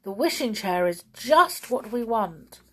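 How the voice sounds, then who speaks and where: A woman voicing an excitable male pixie in a storybook reading, fussing and breathless. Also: a little high, unhurried, husky, pitched above the performer's own voice. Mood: eager. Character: excitable male pixie, fretful then gleeful.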